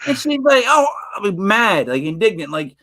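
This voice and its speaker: A man's voice: sits high, brisk. A man co-hosting a sports podcast, telling stories in casual chat and acting out the quotes. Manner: animated storyteller, acts out quotes. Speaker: podcast co-host.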